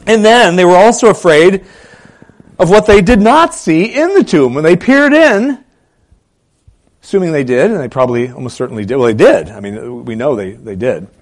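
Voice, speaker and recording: A male pastor delivers a sermon in a fairly high voice. His pitch rises and falls in a lively way as he leans into rhetorical questions and repeats key phrases for emphasis. His delivery swings from loud, driving passages to quiet, hushed stretches. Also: moderate pace.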